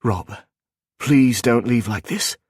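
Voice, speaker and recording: A man's voice: medium pitch, takes it slowly, a little mellow, breathy edge, no echo, studio quality, pitched above the performer's own voice. A male narrator voicing a guarded former woman assassin who pleads and argues with rising emotion. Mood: pleading.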